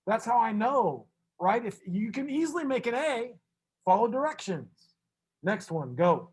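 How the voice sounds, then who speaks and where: A man teaching a math class, brisk and teasing, fussing at students and then reassuring them. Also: extremely high pitch, big pitch swings, husky.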